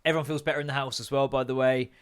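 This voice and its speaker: A man's voice: medium pitch, fairly even intonation, rapid-fire, clean tone. A man hosting a podcast, chatting casually and swearily, joking and acting out quotes in other voices. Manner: sweary, jokey, acts out quotes. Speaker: podcast host and comedian. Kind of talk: casual rambling chat.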